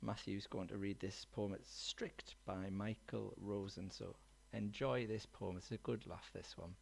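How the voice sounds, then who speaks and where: A man's voice: lowish voice, steady tone, unhurried, vocal fry, a little mellow, slightly rough. A man hosting a school story livestream, chatting casually and introducing the next reader with lots of restarts. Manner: chatty, rambling with fillers and restarts. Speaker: livestream host. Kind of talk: casual live-stream hosting.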